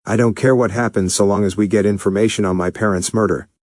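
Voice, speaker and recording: A man's voice: on the low side, fairly even intonation, fast talker, no echo, studio quality, close to an everyday voice. A man voicing a furious young speedster. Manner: shouting, raging, seething.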